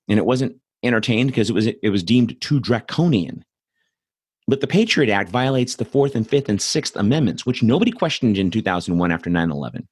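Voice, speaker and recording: A man's voice: lowish voice, no room sound, studio quality. A man hosting a show with ranting political commentary. He swears a lot, sounds angry and sarcastic, and stumbles over repeated words. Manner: angry, profane, sarcastic, with stuttered restarts. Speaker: host. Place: home in Austin.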